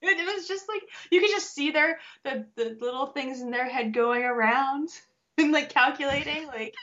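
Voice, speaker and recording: A young woman talks in a casual, rambling way, full of fillers and quick laughs. Her voice is bright and sits a bit high. The recording sounds dull and lo-fi. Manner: chatty, laughs a lot, animated storytelling with many fillers. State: pregnant. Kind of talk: casual chat. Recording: dull lo-fi audio.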